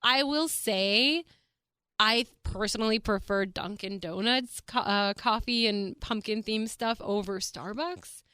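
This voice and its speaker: Young woman rambling on her podcast, bright and crisp, dry close sound, lots of likes and swearing. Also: medium pitch, slow pace, no echo. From Texas. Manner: chatty, animated, swears freely, heavy use of "like". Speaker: podcast host. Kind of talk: casual solo podcast chat.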